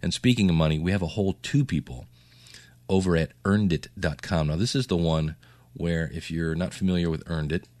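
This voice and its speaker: A man with a very deep, low voice hosts a casual podcast update. He rambles in a chatty way with asides. The sound is dry and close. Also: fairly quick, darkish tone, no room sound. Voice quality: low morning voice. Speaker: podcast host.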